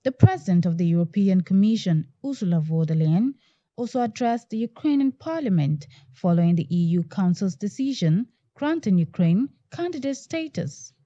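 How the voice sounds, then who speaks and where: A woman reporter reading a scripted news voice-over in a measured, formal way. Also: mid-range voice, expressive, dark tone, no room sound, lo-fi sound.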